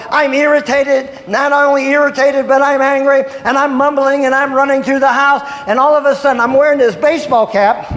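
A man's voice: extremely high pitch, a bit bright. A man preaching a sermon, telling homespun stories and calling out "Hallelujah" and "Hello?" to his congregation, chuckling between lines. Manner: folksy storytelling with frequent "Hello?" and "Hallelujah" call-outs and chuckles. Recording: echoey hall with long reverb and faint room noise.

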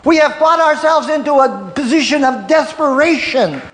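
A man's voice: very high voice, lively intonation, normal speed, fairly bright tone. A man preaching a sermon, telling homespun stories and calling out "Hallelujah" and "Hello?" to his congregation, chuckling between lines. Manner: folksy storytelling with frequent "Hello?" and "Hallelujah" call-outs and chuckles. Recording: echoey hall with long reverb and faint room noise.

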